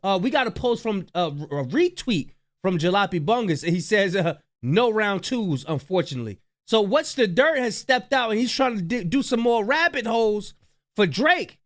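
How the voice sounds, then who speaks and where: A man hosting a casual reaction show, animated, slangy and trash-talking. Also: high voice, normal speed. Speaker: reaction channel host.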